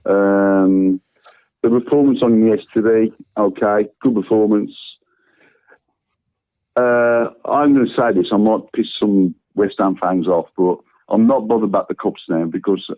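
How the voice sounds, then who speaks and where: A man's voice: lowish voice, fairly even intonation, unhurried. A man calling into a live phone-in, chatting bluntly and swearing about football, laughing often. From English Midlands. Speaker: phone-in caller. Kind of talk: casual football chat. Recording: tinny phone line.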